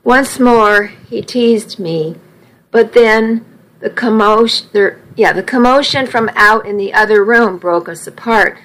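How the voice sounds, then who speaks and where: A woman narrating a romance audiobook in the first person, with slow, measured reading. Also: a little high, a bit bright, rough recording.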